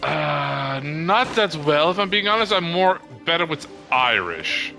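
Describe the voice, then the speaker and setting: A man streaming a video game live, chatting casually, swearing and reacting loudly. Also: on the high side, big pitch swings, measured pace, vocal fry, soft background music. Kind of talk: casual livestream gaming chat.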